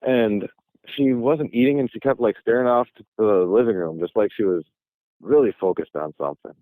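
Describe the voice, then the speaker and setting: Speaking at a normal speed in a fairly low voice, a man from Michigan calls as a guest from a parking lot. The tinny phone audio has no room sound, and his long story rambles casually with frequent restarts.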